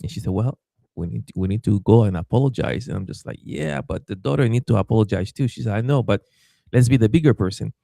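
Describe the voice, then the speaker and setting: Animated man telling a story. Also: lowish voice, fast talker, creaky, no echo, studio quality. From Haiti. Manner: animated, acts out quoted voices, stammers and repeats. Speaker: pastor. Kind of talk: storytelling in a podcast interview.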